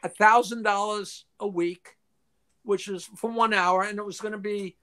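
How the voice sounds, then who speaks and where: An older man, a guest in a casual interview, tells long anecdotes full of restarts, swearing and acted-out quotes, clearing his throat now and then. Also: high voice, fairly even intonation, normal speed, pushed and bright. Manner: profane, frequently clears throat.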